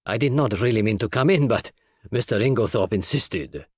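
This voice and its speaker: A man's voice: on the low side, animated, normal speed, breathy edge, no echo, clean studio sound. A man voicing a rueful, apologetic male doctor in a storybook reading.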